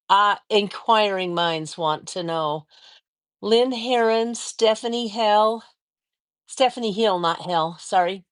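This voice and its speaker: A woman hosting a casual quilting livestream from her home studio, chatting and greeting viewers by name. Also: mid-range voice. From American Mountain West. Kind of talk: casual live-stream chat greeting viewers.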